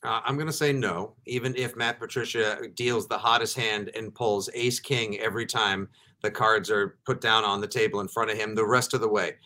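A man hosting a casual sports chat, energetic and joking, launching into riffing rants. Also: on the low side, normal speed. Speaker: podcast host.

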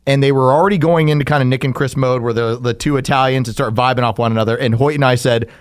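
A man's voice: mid-range voice, steady tone, fast talker. A man co-hosting a podcast, telling stories in a loose, rambling way and laughing often. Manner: laughing storyteller, rambling restarts. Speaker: podcast co-host. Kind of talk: casual chat.

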